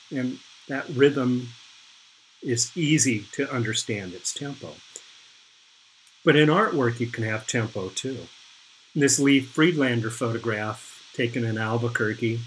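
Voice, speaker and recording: A middle-aged man giving an art lecture, explaining slowly and pointing things out on images. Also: mid-range voice, fairly bright tone, a little hiss or hum, low-quality recording. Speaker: art instructor. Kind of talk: recorded lecture over slides.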